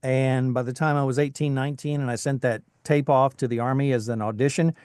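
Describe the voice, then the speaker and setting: A middle-aged voice actor from Tennessee with a faint Southern accent, chatting casually in an interview with lots of restarts. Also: male voice, mid-range voice, fairly even intonation, brisk, a little mellow, clean tone, dry recording, clean studio sound. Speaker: voice actor, guest.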